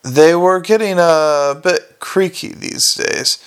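A man reading a comic novel aloud as a narrator, in a wry, measured storytelling manner. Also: fairly high pitch, smooth. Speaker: audiobook narrator. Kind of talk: scripted narration.

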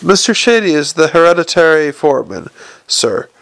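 A man's voice: fairly high pitch, sing-song, normal speed, creaky, a bit bright, full character voice. A man voicing a stiff, formal male official who speaks firmly, as in an audiobook. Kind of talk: audiobook character voice.

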